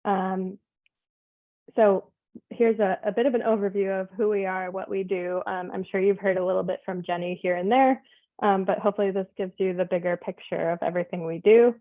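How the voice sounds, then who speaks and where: A woman's voice: mid-range voice, fairly even intonation, brisk. Woman presenting over tinny call audio. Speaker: environmental program specialist. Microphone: video call.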